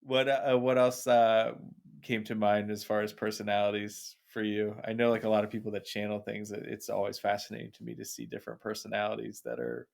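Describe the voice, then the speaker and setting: Brief: low, gravelly male co-host, hesitant and casual. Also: level tone, a little fast, darkish tone. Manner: hesitant, filler-heavy musing. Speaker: podcast co-host. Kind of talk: casual conversational chat.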